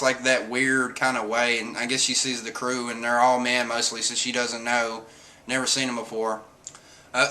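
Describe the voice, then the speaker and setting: A man giving a casual spoken manga review, excitable and jumping into high voices for the characters.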